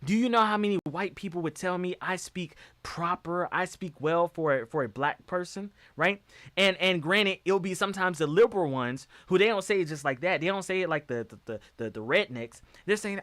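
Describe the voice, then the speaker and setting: A man hosts his own live-stream, talking with animated emphasis and frequent restarts. His voice sits fairly high. It is recorded dry and close to the mic. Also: normal speed, no room sound. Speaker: show host. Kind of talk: casual live-stream commentary.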